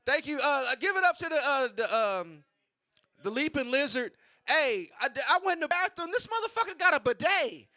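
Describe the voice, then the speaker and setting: A man's voice: very high-pitched, expressive, normal speed, sharp tone. A male stand-up comedian at an open mic, telling a loose, profane story with punchlines.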